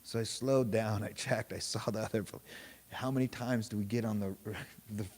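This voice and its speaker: A man leading a meditation group, telling a story in a relaxed, casual way, swearing freely and laughing often. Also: on the low side, moderate pace. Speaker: meditation teacher. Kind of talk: casual dharma talk.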